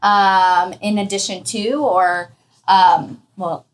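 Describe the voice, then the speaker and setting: A woman hosting a casual interview, speaking haltingly and searching for words. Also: mid-range voice, little pitch movement, slight background noise, rough recording. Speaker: interview host.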